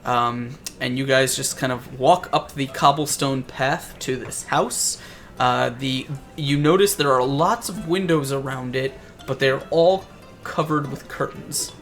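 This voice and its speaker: A man's voice: mid-range voice, unhurried, a bit bright, soft background music. A man narrating as game master for a tabletop game, rambling and searching for words as he describes scenes.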